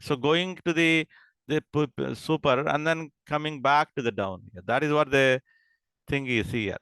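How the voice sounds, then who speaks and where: Man teaching a class, bright and crisp, dry recording, halting restarts. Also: fairly high pitch, no echo. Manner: repeats and checks understanding, halting restarts. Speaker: lecturer. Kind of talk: classroom lecture.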